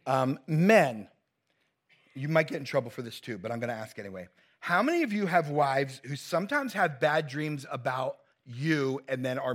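A middle-aged male pastor with a medium-pitched voice preaches a sermon in a conversational, teasing way, laughing at his own jokes.

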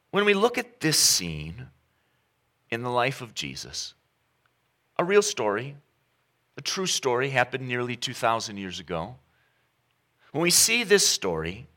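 A male pastor delivers a sermon from prayer into storytelling. His voice is bright and clear, and his pitch swings widely as he builds each point. He repeats key phrases for emphasis.

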